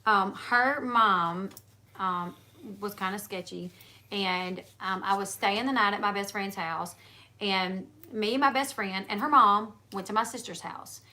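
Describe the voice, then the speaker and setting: A woman's voice: medium pitch, unhurried, bright, forceful tone. A woman hosting a casual livestream chat, telling rambling stories with many fillers and restarts. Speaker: livestream host.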